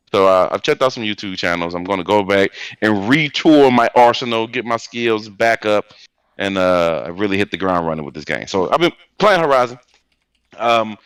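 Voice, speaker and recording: A man co-hosting a casual gaming talk show, rambling with many halting restarts. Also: on the low side, fairly bright tone, dry recording. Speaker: podcast co-host.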